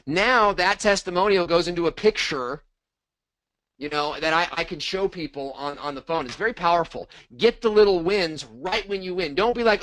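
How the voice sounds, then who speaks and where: High-voiced man giving casual sales advice. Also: normal speed, no echo, low-quality recording. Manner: animated, acts out sample dialogue. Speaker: co-host of a marketing training. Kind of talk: casual coaching talk.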